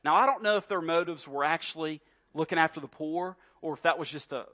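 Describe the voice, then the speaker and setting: A man's voice: on the high side, quick pace, bright, forceful tone, muffled recording. A man preaching a sermon, emphatic and full of rhetorical questions, often repeating his words. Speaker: pastor.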